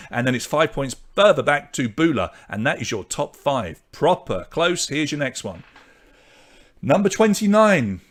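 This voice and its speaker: A man hosts an online pub quiz in a mid-range voice. He talks briskly and chattily as he reads out questions, answer choices and the scores. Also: medium pitch, fairly bright tone. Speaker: quiz host.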